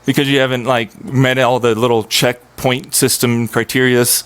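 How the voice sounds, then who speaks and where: A man's voice: mid-range voice, flat delivery, normal speed, hardly any pauses, fairly bright tone, clean tone, dry recording. A young man streaming, venting in an agitated, profane, rambling monologue.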